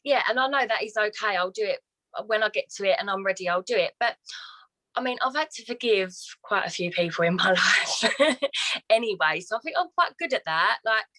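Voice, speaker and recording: A woman in an online support group speaks candidly about her own life, with a bright, forceful tone. Light laughs slip in between her phrases, and the sound of her call is close and dry. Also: mid-range voice, animated, brisk, dry recording, low-quality recording. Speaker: group participant. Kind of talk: personal sharing on a video call. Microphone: video call.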